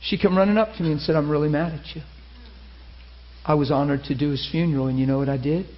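A man preaching a sermon, telling a story with lively acted-out quotes. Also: mid-range voice. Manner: animated, acts out quoted voices. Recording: muffled lo-fi sermon recording.

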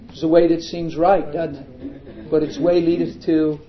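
A man's voice: a little high, flat delivery, normal speed, muffled recording. Dramatic storytelling preacher man. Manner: dramatic storytelling that swings from hushed to emphatic. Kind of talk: storytelling sermon.

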